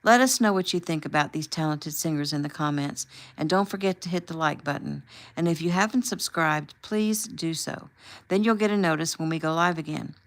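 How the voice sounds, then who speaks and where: A woman's voice: low-pitched, fairly quick. A woman voicing an upbeat livestream host signing off to viewers in a chatty way. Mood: cheerful. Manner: chatty, friendly sign-off.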